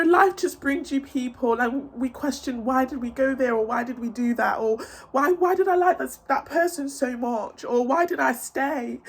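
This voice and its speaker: Earnest woman giving a tarot reading. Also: high voice. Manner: emotional, tearful, earnest and reassuring; many fillers and repeated words. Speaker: tarot reader. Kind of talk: casual tarot reading to viewers.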